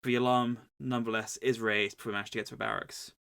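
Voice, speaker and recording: Male podcast co-host, wry deadpan recapper. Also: medium pitch, quick pace, creaky, clean tone. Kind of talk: casual book recap.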